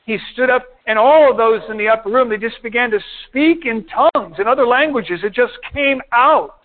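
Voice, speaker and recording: A man preaching a sermon as pastor, reading verses and explaining them steadily, slowing down to stress key points. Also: very high-pitched. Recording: tinny phone-like sound.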